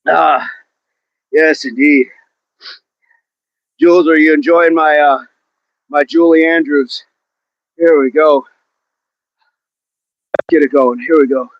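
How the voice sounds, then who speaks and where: A man's voice: on the high side, steady tone, slow, pauses often, dry recording, dull audio. A man hosting a fitness livestream outdoors, chatting with viewers and counting his reps, slightly out of breath. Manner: grunting rep counts between casual chat with viewers. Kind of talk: live workout chat with counting.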